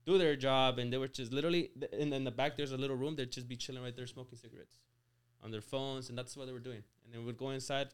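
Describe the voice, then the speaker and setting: Guesting on a podcast, an auto shop owner from Mexico in his twenties shares his story casually, peppering it with "like" and "you know" and restarting words. He talks at a quick pace in a steady, clean, mid-range voice.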